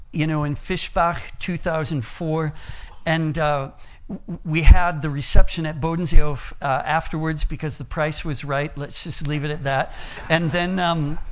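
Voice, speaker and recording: A middle-aged American man preaching a sermon, telling personal stories in an earnest way. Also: a little high. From United States. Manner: earnest storytelling, varies loudness and pace.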